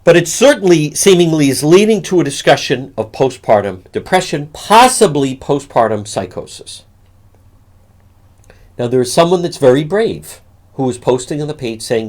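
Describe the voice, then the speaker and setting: Male talk radio host, earnest and measured, reassuring tone. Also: a little high, animated, darkish tone.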